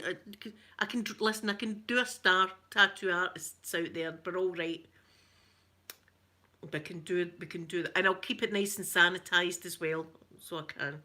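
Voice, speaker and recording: A middle-aged Scottish woman chatting casually with live viewers on an ASMR stream, giggly and rambling, often dropping to soft whispers. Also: medium pitch, expressive, unhurried, pauses often. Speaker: ASMR creator.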